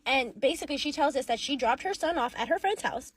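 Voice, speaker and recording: A young woman casually recapping a story, chatty and animated, often acting out what people said. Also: high voice, quick pace, poor audio. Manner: chatty, animated, acts out quotes. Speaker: social media commentator.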